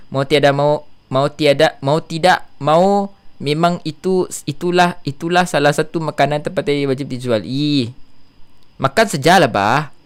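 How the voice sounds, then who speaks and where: A man's voice: fairly high pitch, clean tone, close to an everyday voice. This is a chatty Sabahan local speaking in a Sabahan Malay accent, put on by a man in a casual video. The tone is breezy and dismissive. The delivery is offhand and matter-of-fact. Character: chatty Sabahan local grumbling about fuss.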